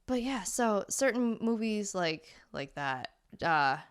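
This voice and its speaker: A young woman co-hosts a casual podcast and tells stories in a chatty, animated way, full of fillers and asides. Her voice is smooth and clear. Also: medium pitch, slow. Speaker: podcast co-host. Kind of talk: casual chat.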